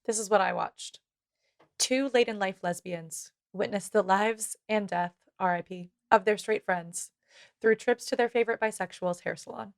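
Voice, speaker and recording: A woman's voice: mid-range voice, moderate pace, gravelly, no room sound, studio quality. A woman co-hosting a podcast, chatting casually and laughing often between words. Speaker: podcast co-host.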